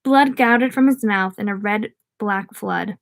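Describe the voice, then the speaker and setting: A woman's voice: medium pitch, takes it slowly, gravelly, no room sound. A young woman streaming a book reading, breaking off to chat with viewers in scattered asides. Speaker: read-aloud streamer.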